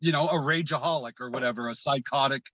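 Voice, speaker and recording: A man from Washington state, a guest on a video call, telling a painful personal story in a halting way, often restarting and repeating words. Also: medium pitch, a bit bright, no room sound. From Washington state, USA. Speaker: guest sharing his recovery story.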